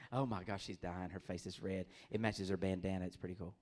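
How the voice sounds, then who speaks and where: A man's voice: sits low, brisk. A middle-aged man performing a stand-up comedy set, telling stories, acting out voices and laughing often. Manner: animated storytelling, acts out voices, laughs often.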